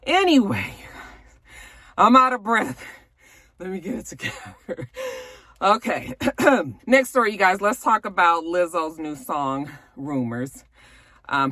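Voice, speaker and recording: A woman's voice: lowish voice, sharp tone, dry recording. A woman hosting a gossip show from home, chatting casually and rambling to her viewers with lots of fillers. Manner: chatty, rambling, many fillers, addresses viewers as you guys.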